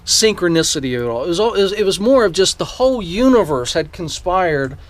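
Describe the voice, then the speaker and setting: High-voiced excited male vlogger. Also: fairly quick. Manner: eager, rambling retelling with profanity. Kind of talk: excited personal storytelling to camera.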